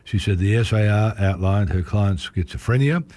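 A man with a hoarse, croaky voice, reading newspaper articles aloud on community radio in a steady, measured way. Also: on the low side, no room sound. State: hoarse, croaky, clearing his throat. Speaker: volunteer newspaper reader.

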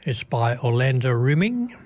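A man's voice: mid-range voice, big pitch swings, measured pace, a little mellow. A man presenting on community radio, introducing a newspaper story and fumbling apologetically when his screen fails. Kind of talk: casual radio talk. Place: radio studio.

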